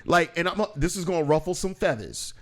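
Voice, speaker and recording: A man hosting a podcast, telling stories in a casual, animated way and acting out quoted voices. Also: a little high, a little fast. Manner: animated, acts out quoted voices, laughs often. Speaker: podcast host. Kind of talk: casual conversational storytelling.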